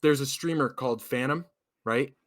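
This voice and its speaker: A man's voice: medium pitch, moderate pace. A young man on a casual podcast, telling a story with lots of swearing and acting out what people said. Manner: animated storyteller, swears a lot, acts out quotes. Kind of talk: casual chat.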